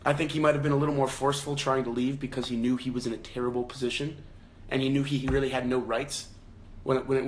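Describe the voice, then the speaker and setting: A young man talks through a novel on a casual livestream, the way a book club host does. He thinks aloud, backing up and restarting his sentences. Now and then he lifts his voice to act out a quoted line. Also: medium pitch. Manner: reads quoted lines in a raised acted voice. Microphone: phone.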